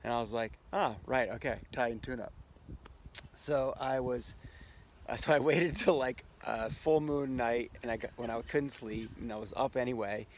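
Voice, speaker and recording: Guy chatting to camera, relaxed storyteller, laughs a lot, mid pitch, some noise behind him. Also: normal speed, poor audio. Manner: chatty, laughs often while telling a story. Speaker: host. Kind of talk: casual storytelling vlog. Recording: noticeable background noise.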